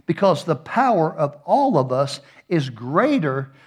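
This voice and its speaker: Middle-aged pastor, high voice, folksy sermon with jokes. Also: male voice, sing-song, measured pace, slightly rough. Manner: folksy, joking storyteller with playful asides.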